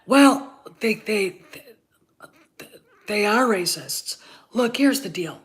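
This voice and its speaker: Speaking slowly but animatedly at medium pitch, a woman hosts her own channel with a congested voice from recovering from covid. Her commentary is blunt, profane, and full of heated opinion.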